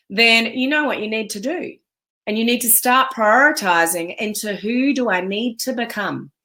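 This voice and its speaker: Australian woman, business coach, high-ish bright forceful voice, emphatic and chatty live-stream pep talk.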